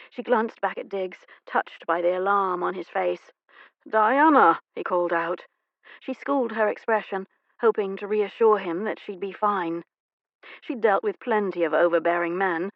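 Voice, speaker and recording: Gravelly woman narrating an audiobook. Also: mid-range voice, dry recording. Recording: dry, slightly dull studio recording.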